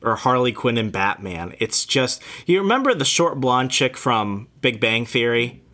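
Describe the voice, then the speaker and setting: A man co-hosting a podcast in casual banter. His voice is bright and animated, swinging up and down as he gives dry, opinionated takes. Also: medium pitch, measured pace. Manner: wry, lively opinions. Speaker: podcast co-host.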